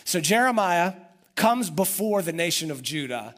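A man's voice: high-pitched, sing-song, moderate pace, fairly bright tone. A man preaching a sermon, telling the story with energy and acting out the voices of the people in it. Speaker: pastor.

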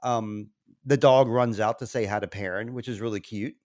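A man's voice: on the low side, fairly even intonation, moderate pace, darkish tone, no room sound, studio quality. A man recapping a TV episode in casual podcast chat, rambling and laughing often. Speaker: podcast co-host.

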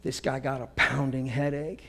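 A man's voice: medium pitch, normal speed, creaky. A man preaching a story-driven sermon, acting out the voices of the people in his anecdotes. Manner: animated, acts out quoted voices.

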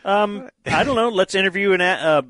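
A man's voice: sits high, moderate pace, fairly bright tone, dry recording. A man hosting a radio show, blunt and wry as he steers the talk. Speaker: radio host. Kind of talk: casual radio banter.

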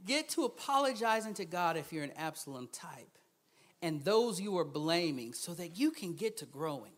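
A man preaching a sermon as a guest speaker, swinging between hushed asides and loud, emphatic bursts and laughing often. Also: fairly high pitch, sing-song, normal speed.

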